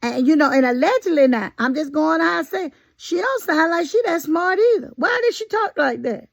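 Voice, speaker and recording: A woman's voice: high voice, lively intonation, moderate pace, creaky, no room sound, clean studio sound. A woman giving folksy, sassy casual commentary straight to her viewers. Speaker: commentary vlogger.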